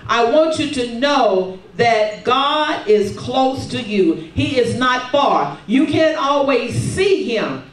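A woman preaching a sermon, calling for responses and filling her pauses with hallelujahs and amens. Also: high-pitched. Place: church sanctuary. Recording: roomy, distant sound from across a sanctuary.

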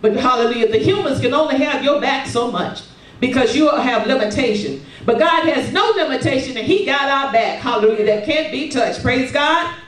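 A woman preaching a sermon, calling for responses and filling her pauses with hallelujahs and amens. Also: sits high. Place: church sanctuary. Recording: roomy, distant sound from across a sanctuary.

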